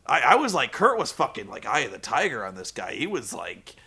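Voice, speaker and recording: A man's voice: mid-range voice, a little fast, slightly rough. A man recapping a show in a sarcastic, profane comedic style, acting out the people in it. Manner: sarcastic, swearing, animated storytelling.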